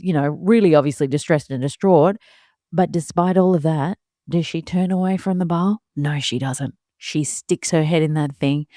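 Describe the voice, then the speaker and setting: A woman in her thirties with a low voice tells a story in a casual, animated monologue and laughs often as she acts out what she was thinking. The sound is dry and close, with no room around her. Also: no room sound. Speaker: podcast host and mother.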